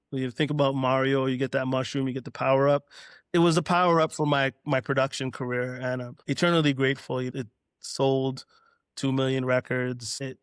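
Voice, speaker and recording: Steady-voiced middle-aged Canadian man storyteller. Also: mid-range voice, smooth, dry recording, studio quality. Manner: relaxed anecdote-telling, acting out quoted dialogue. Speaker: guest, DJ and producer. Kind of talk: casual storytelling in a podcast interview.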